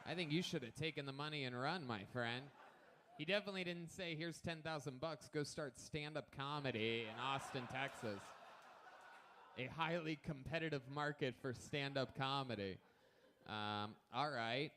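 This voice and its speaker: A man's voice: medium pitch, normal speed, bright, forceful tone, a little hiss or hum. A man hosting a live comedy show, teasing and mocking a guest with crude jokes.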